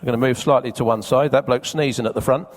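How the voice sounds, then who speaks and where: An event speaker with a medium-pitched, steady voice talks fast to a live audience at a seminar. He is chatty and teasing, quizzing the crowd, and the big conference hall gives a long reverb.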